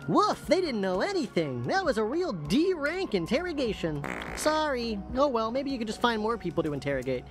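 Pseudo, a relentlessly cheerful game AI helper, high and bouncy, with a voice that swoops all over. She pitches every feature like a salesperson. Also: sing-song, moderate pace, over music. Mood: perky. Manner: bubbly, salesy, overly cheerful. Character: chipper female AI detective assistant.

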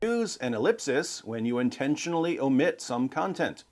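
A man narrating a scripted argument in a measured, explanatory way with a light sarcastic edge. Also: medium pitch, sing-song, a little mellow. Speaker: narrator of a clip.

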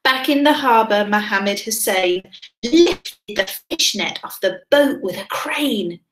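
A woman teacher, reading a picture book aloud to children in a sing-song, expressive way and asking them questions. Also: mid-range voice, takes it slowly, slight background noise. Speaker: primary school teacher. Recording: roomy echo.

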